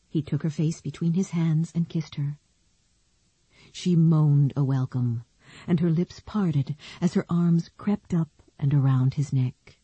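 Low, mellow female audiobook narrator. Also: husky, dry recording. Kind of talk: scripted narration.

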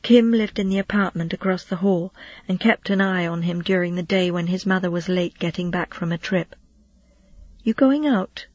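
An audiobook narrator telling a children's novel in a steady storytelling voice, now and then lightly voicing the characters. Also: medium pitch, fairly quick, hardly any pauses, no echo. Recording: dull, dry lo-fi recording.

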